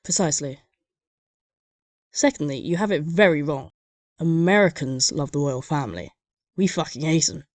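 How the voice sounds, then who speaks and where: A woman's voice: low-pitched, expressive, normal speed, long pauses, dry recording. A woman giving scripted comedic narration in a dry, sardonic manner.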